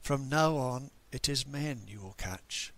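A man's voice: mid-range voice, slow, fairly bright tone. A man voicing the grieving, angry disciple Peter at the cross in a dramatic monologue during a church service, bitter and questioning. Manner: bitter, questioning, self-reproaching.

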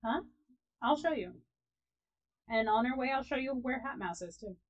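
A woman chatting casually as she plays a co-op farming game, giggly and often trailing off softly. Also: a little high, lively intonation, moderate pace, dull audio. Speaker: let's play host. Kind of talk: casual gaming commentary.

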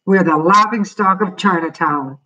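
A woman voicing a proud, stern father who grumbles at his family in a storybook reading, with a husky voice. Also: on the low side, normal speed, bright, forceful tone, recorded from a distance, voice pushed up, low-quality recording. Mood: grumbling.

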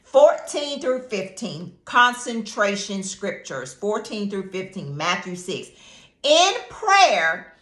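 Preaching emphatically in an echoey room with faint music, a woman delivers a devotional sermon and prayer, repeating phrases and urging listeners to echo her words. Her voice is a little high and a bit bright.

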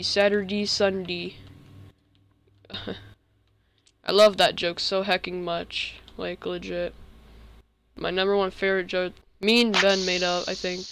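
A teenage boy chatters through a game in a bright, sharp voice, breaking into yelps whenever something jumps at him. His voice cracks when he yells. Faint music plays softly underneath. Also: sits high. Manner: excitable, yelps and frequent voice cracks. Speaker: gamer. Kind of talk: casual gaming commentary.

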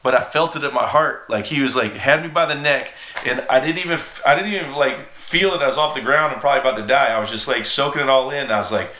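A man's voice: medium pitch, quick pace, few pauses, bright, forceful tone. A man in his forties, a skateboard team manager, telling a story in a rambling, profane, self-deprecating way. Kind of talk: casual storytelling. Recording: roomy echo.

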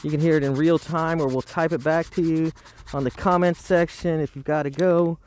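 A man's voice: a little high, fairly even intonation, normal speed, darkish tone. A man hosting a casual live painting stream outdoors by the roadside, rambling and talking to himself with frequent chuckles.

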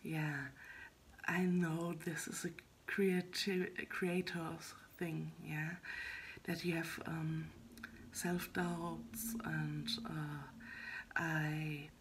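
A woman talking in a casual solo vlog about her writing progress, soft and half-whispered, hesitant and halting with many fillers and restarts. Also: low voice, level tone, slight background noise. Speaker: web fiction writer vlogging her progress.

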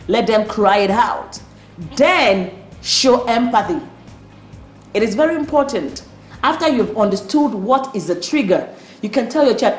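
A woman parenting coach giving earnest advice, repeating her key points. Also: a little high. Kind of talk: instructional talk to camera. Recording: roomy, faint music.

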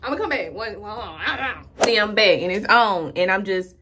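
A woman's voice: medium pitch, lively intonation, moderate pace, fairly bright tone, slightly rough. A young woman filming a casual get-ready-with-me tutorial at home, chatting straight to her viewers and calling them "y'all". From Houston, Texas. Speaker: beauty vlogger. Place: at home, indoors.

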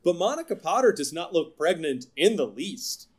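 A man from the American South talks animatedly on a casual movie podcast. His voice sits a little high and he laughs often, with plenty of swearing. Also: very animated, moderate pace, breathy edge. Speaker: podcast co-host. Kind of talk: casual chat.

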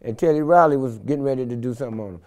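An older man, a guest in an interview, tells a wild story at a very fast clip in a medium-pitched voice. He's an animated storyteller, acting out the quotes with loud shifts in his delivery.

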